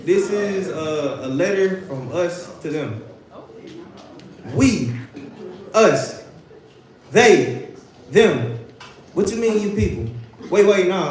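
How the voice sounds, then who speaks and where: An American man performing a spoken word poem at a live venue, rhythmic and building to shouts. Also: high voice, expressive, slow, pauses often, slight background noise. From United States. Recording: echoey room from a stage mic.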